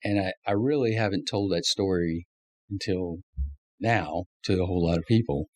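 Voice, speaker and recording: In a storytelling interview, a former race crew chief speaks in a low voice at a moderate pace. He's an animated storyteller who acts out quotes and laughs often.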